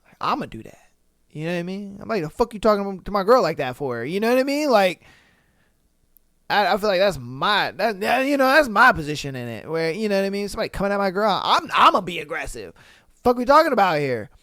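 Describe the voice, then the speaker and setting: A man's voice: high voice, very animated, a little fast, pushed and bright, dry recording, studio quality. A man hosting a podcast in casual chat, reacting to listener comments in a blunt, profane way. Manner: blunt, profane, keeps asking "you know what I mean". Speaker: podcast host.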